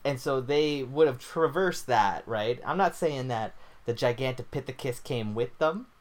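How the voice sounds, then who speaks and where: A man's voice: mid-range voice, measured pace. A young man co-hosting a casual podcast, goofy and rambling, laughing often. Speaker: podcast co-host. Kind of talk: casual chat.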